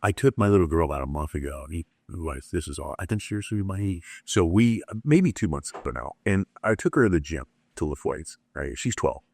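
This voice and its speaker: A middle-aged man appears as a guest on a business interview, telling animated motivational stories and acting out the dialogue in them in casual talk. His low, slightly rough voice has vocal fry, and he speaks a little fast with hardly any pauses.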